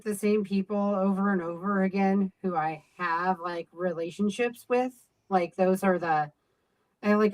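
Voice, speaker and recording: A woman's voice: medium pitch, rough recording. A woman being interviewed as a game designer, talking casually with many fillers and restarts.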